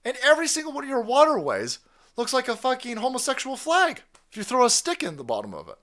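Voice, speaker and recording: A man's voice: very high voice, huge pitch swings, fast talker, fairly bright tone. A man giving crude, mocking reaction commentary, ranting and swearing. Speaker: online commentator.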